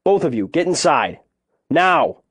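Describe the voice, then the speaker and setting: A man's voice: on the high side, very animated, unhurried, vocal fry, husky, no echo, pitched above the performer's own voice, full character voice. A man voicing a frightened farm father who barks urgent orders at the kids, in an audiobook reading. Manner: urgent, commanding shouts.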